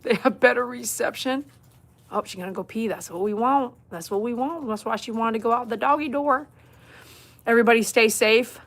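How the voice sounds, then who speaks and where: A woman from St. with a fairly high voice talks at a moderate pace in a casual home vlog, recorded on a phone. A dog groomer and vlogger, she chats to her dogs and laughs easily around her home and backyard in winter.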